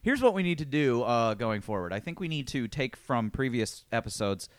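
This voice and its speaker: Lively laughing podcast host, a man. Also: medium pitch, normal speed, clean tone, no echo. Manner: laughs often, joking. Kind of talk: casual chat.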